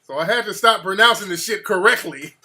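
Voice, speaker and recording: A man hosting his own show, telling a comic story with profane, animated energy and bursts of laughter. His voice sounds bright and sharp and swings widely in pitch. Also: brisk. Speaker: show host.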